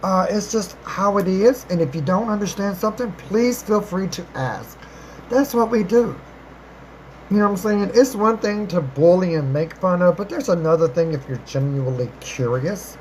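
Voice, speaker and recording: An affectionate, chatty livestream host answers viewer questions, calling them darling and baby, wandering and repeating herself with sudden upward pitch leaps on greetings around a mid-range voice. The recording is low quality, with faint noise beneath her expressive, darkish-toned voice at a moderate pace.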